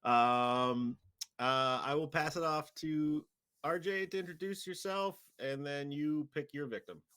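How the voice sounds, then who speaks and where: A man acting as game master, opening a tabletop game show in a relaxed way with lots of small fillers and chuckles. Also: a little high, a little slow, clear, resonant tone. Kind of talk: casual show introduction.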